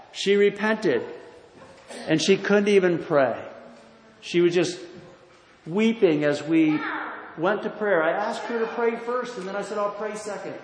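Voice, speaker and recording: A man preaching a sermon, emphatic, swinging between loud declarations and hushed storytelling. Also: sits high, a little hiss or hum. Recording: echoey hall, somewhat distant.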